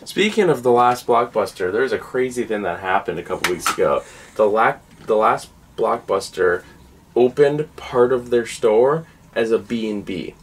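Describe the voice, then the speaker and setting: A man's voice: mid-range voice, lively intonation, normal speed, far from the mic, a little hiss or hum. A man co-hosting a casual chat show, telling jokey stories about movies he bought. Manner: chatty, jokey storyteller. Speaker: co-host.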